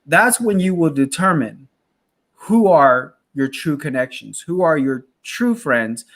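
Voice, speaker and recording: A man's voice: on the high side, sing-song, takes it slowly, a bit bright. A man hosting an interview, reflecting thoughtfully, with frequent restarts and repeated words. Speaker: host. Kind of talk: casual faith interview.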